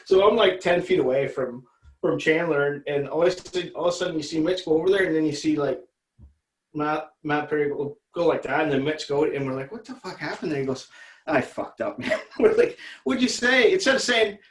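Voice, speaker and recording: A man spins a long, rambling story as a podcast guest, swearing freely and laughing along the way. His voice sits a little high for a man. The room around him sounds echoey. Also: a little fast. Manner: rambling, profane, laughs through stories. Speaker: interview guest. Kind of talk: casual storytelling.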